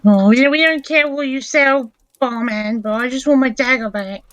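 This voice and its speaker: Woman player making quick remarks. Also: high-pitched, a bit bright, no room sound. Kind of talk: casual chat at a game table.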